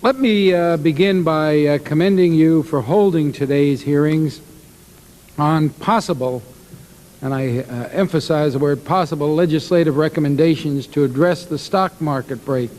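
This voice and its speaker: A man who is a congressman giving a formal statement at a hearing, halting with frequent uhs. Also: a little high, darkish tone. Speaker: ranking minority member of congress.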